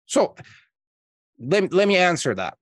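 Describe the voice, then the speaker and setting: A man being interviewed on a podcast as a marketing coach, explaining his ideas with lively quoted examples. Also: high-pitched, measured pace, no echo, studio quality. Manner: energetic storyteller acting out calls in quotes.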